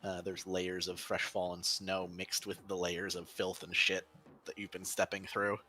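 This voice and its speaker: Deep-voiced man running a tabletop game. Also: level tone, normal speed, pushed and bright, faint music behind. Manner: loose, descriptive narration with many fillers. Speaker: game master.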